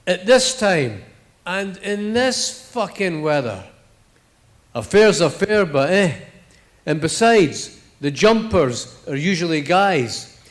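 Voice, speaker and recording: A man's voice: high-pitched, very animated, slow pace. A middle-aged man with a Scottish accent giving a live reading of his fiction in a blunt, profane, swaggering first-person voice.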